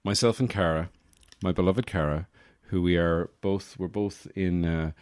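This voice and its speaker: A man's voice: deep voice, fairly even intonation, normal speed, a little mellow, clean tone, dry recording, studio quality. A young man hosting a casual solo podcast from his apartment, rambling and joking with lots of self-correcting asides. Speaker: podcast host.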